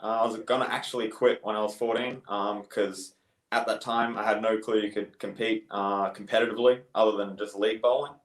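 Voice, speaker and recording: Young man, relaxed, in a roomy echo. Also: lowish voice, a little fast. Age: young adult. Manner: relaxed, hesitant, many ums. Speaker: guest. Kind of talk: interview answers.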